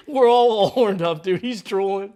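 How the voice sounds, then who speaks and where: A man's voice: high-pitched, takes it slowly, dark tone. A man hosting a cooking show, explaining each step in a casual, crude, joking way from a kitchen.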